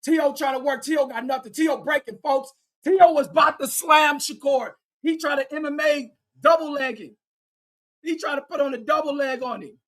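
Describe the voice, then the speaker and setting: A man giving excitable, profane fan play-by-play of a boxing match on a livestream, cheering one fighter on and reading viewer chat aloud. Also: very high voice, normal speed.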